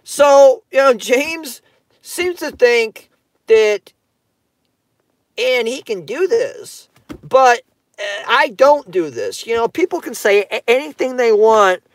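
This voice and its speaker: Slow, profane commentator ranting into a dry mic, rambling and repeating himself. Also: male voice, very high-pitched, animated, no echo. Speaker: YouTube commentator.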